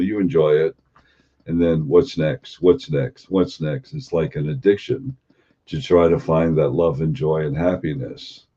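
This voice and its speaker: A man giving an unhurried spiritual talk as a teacher, posing and repeating rhetorical questions. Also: rumbling low, warm tone. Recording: dull lo-fi recording.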